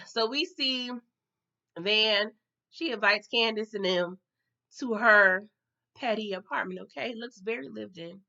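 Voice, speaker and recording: Chatty woman recapping tv, slangy, keeps saying okay, bright voice, kinda muffled lo-fi audio. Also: fairly high pitch, measured pace, gravelly. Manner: slangy, chatty, addresses viewers as y'all, tags lines with okay. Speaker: TV recap vlogger. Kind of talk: casual episode recap. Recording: dull lo-fi sound.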